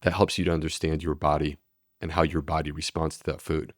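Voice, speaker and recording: A man's voice: rumbling low, flat delivery, brisk, no room sound, clean studio sound. A man, a medical doctor, explaining steadily and earnestly in a podcast interview. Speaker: gastroenterologist guest.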